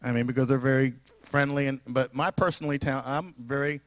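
A man with a New York area accent, preaching a sermon as pastor in an animated, emphatic way with frequent laughter. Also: mid-range voice, a little fast, no echo. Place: church sanctuary.

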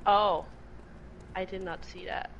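A woman's voice: mid-range voice, level tone, slow pace, gravelly, fairly bright tone, highs cut off. A woman playing a co-op game on a stream, chatting in a playful, giggly, silly way. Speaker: co-op gaming partner. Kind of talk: casual live gaming chat.

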